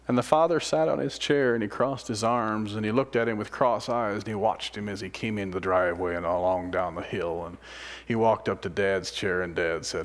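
A man preaching a sermon, swinging from loud, excited exclamations to hushed, almost whispered lines, and asking many rhetorical questions. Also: on the low side, normal speed. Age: adult, a father of sons.

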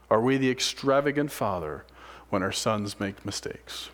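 Dramatic preacher man, loud then hushed. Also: on the low side, animated, normal speed. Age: adult, a father of sons. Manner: dramatic, swinging from loud exclamation to hushed near-whisper; asks many rhetorical questions. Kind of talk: sermon.

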